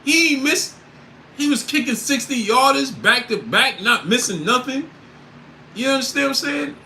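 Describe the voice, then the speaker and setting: Man, sports livestream host, lively swings in pitch, bright voice, faint hum behind. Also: normal speed, poor audio. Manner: animated, loud bursts of disbelief, reads chat names. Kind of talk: casual livestream chat.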